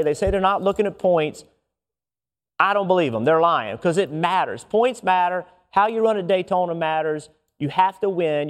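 Male studio analyst, high-pitched, emphatic delivery, reverberant room. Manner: emphatic, insistent. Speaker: racing analyst.

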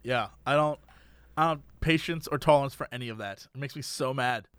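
A man's voice: mid-range voice, fairly quick, a bit bright, clear, resonant tone, dry recording, studio quality. A man co-hosting a casual chat podcast, ranting animatedly about everyday annoyances. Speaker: podcast co-host.

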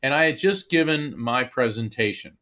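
A man's voice: medium pitch, moderate pace. An earnest man telling a personal story in an interview, with frequent restarts and repeated words. His voice sits in an ordinary middle register. He talks as a medium and author. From Florida. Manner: earnest, animated retelling with many restarts.

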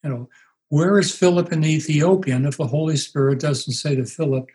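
A man in his eighties, a pastor being interviewed, telling stories in an unhurried way and acting out the voices he quotes. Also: fairly high pitch, mellow, poor audio. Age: 80s. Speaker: pastor and guest. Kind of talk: reflective storytelling interview.

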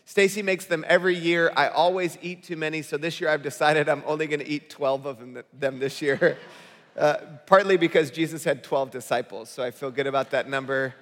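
Animated pastor in a reverberant hall. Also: male voice, fairly high pitch, fairly quick. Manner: animated, conversational storytelling. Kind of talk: sermon.

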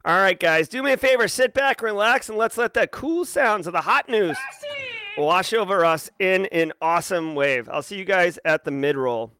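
A man hosting a live show, giving playful, rapid shout-outs to viewers. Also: high-pitched, expressive, clear, resonant tone, dry recording. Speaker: livestream host.

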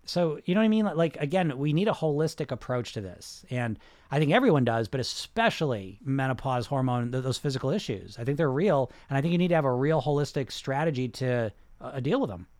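A man hosting a casual livestream about weight loss, answering viewer comments in an animated, repetitive, salesy way. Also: mid-range voice, a little fast, no echo.

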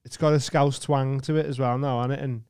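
A man's voice: medium pitch, flat delivery, brisk, darkish tone, smooth, no echo, clean studio sound. A man hosting a casual podcast, chiming in with supportive banter. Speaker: podcast host. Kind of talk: casual chat.

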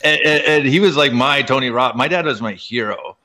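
A man from Canada, a guest author, telling personal stories in an interview, full of fillers and sudden jumps up in pitch. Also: a little fast, a crowd in the background. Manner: animated, filler-heavy, frequent jumps up in pitch. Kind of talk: emotional personal storytelling in an interview.

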